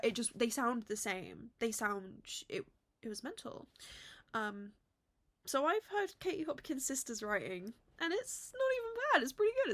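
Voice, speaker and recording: A woman's voice: fairly high pitch, a bit bright. A young woman from England vlogging in casual chat at home, rambling and self-deprecating with many fillers. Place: home room.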